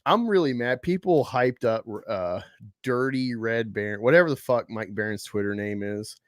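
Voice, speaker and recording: A man's voice: mid-range voice, normal speed, dry recording, studio quality. A man hosting a casual live stream about comic books. He rambles, swears freely and talks with sarcasm. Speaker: host. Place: home room at a table.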